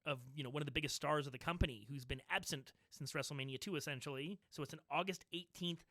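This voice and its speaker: A man's voice: fairly high pitch, sharp tone, no echo. A man co-hosting a podcast in casual chat, agreeing often and adding his own memories. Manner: agreeable, quick back-and-forth. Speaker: podcast co-host.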